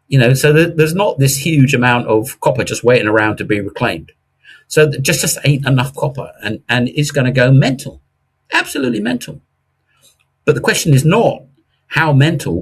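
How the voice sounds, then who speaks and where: A middle-aged man giving investment views in a casual interview, animated and jokey, with frequent restarts. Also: mid-range voice, normal speed, slightly rough. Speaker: investment commentator guest.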